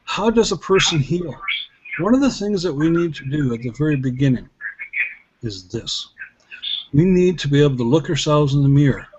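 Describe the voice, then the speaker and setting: A man's voice: fairly high pitch, husky. Earnest man telling a story. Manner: earnest, reflective, with many restarts. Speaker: healer and guest speaker. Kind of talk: casual storytelling talk. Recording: dull lo-fi recording with faint noise.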